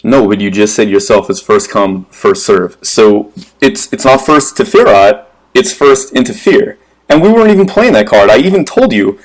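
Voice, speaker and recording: A man's voice: fairly low pitch, lively intonation, moderate pace, low-quality recording. Indignant man arguing over voice chat. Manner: indignant, profane, argumentative. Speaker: rival guild member in a dispute. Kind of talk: heated voice-chat argument.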